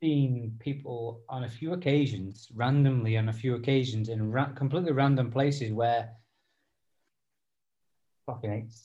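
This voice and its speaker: A man's voice: medium pitch, steady tone, measured pace, warm tone. A man hosting a podcast, chatting in a rambling, self-deprecating way. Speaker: podcast host. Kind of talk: casual chat. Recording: dull lo-fi sound.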